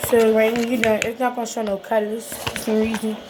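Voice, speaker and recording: A woman's voice: on the high side, little pitch movement, fairly quick, background noise. A woman with a Washington DC accent, chatting casually as she talks viewers through a how-to video in a slangy, rambling way. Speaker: vlogger.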